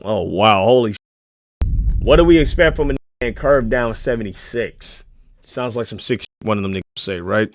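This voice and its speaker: A young man streaming a casual reaction video, profane and mocking, swinging into shouts. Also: on the low side, normal speed, slight background noise.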